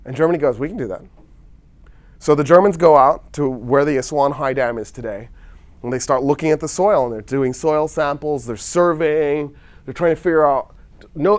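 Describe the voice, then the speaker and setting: A man telling a history story in a loose, casual lecture style, acting out countries in quick quoted dialogue with wry asides. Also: medium pitch.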